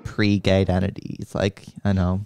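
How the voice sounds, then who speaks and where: A man's voice: low-pitched, monotone, normal speed, a little mellow, clear, resonant tone, no echo, studio quality. A man co-hosting a podcast, recounting a story in a casual, offhand way. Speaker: podcast co-host.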